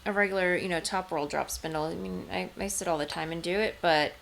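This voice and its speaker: A woman chatting casually in a home knitting vlog, rambling through her craft supplies with plenty of ums and false starts. Her voice sits a little low and has a gravelly, fried edge. A faint hum of room noise lies behind her. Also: fairly even intonation, brisk, a bit bright. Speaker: knitting podcast host. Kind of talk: casual show-and-tell vlog. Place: home, seated indoors.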